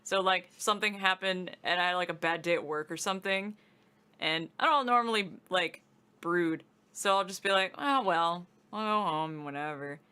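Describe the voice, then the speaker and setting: A woman's voice: lowish voice, normal speed, sharp tone, smooth. A young woman co-hosting a gaming video, telling giggly, chatty stories and acting out both sides. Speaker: co-host of a gaming channel. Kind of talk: casual let's-play chat.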